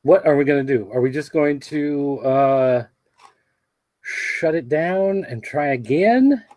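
A man's voice: a little high, expressive, slow, darkish tone, dry recording. A man producing a podcast, chatting casually on a livestream from a small control booth, rambling with many ums. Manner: rambling, with many fillers and restarts.

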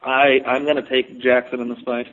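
A man hosting a casual sports podcast, chatty and quick, laughing often. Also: medium pitch, level tone, phone-quality sound. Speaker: podcast host.

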